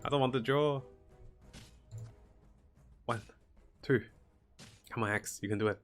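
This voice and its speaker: A man giving casual commentary on a strategy game as he plays, thinking aloud in a relaxed way. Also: medium pitch, unhurried, faint music behind. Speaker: gaming commentator. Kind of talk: casual live gameplay commentary.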